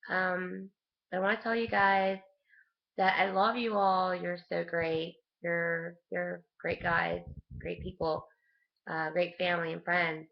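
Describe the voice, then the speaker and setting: Casual vlogger, female, low gravelly voice, loose rambling storyteller, lo-fi webcam sound. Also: level tone, takes it slowly. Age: adult with a young son. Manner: rambling, laughing often, frequent restarts.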